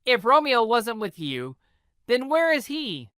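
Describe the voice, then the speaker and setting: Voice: medium pitch, sing-song, unhurried, sharp tone, smooth, no room sound, studio quality, voice pushed up. A reader voicing an anxious noblewoman who worries about her son, in a storybook reading for English learners. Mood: worried. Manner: anxious, fussing.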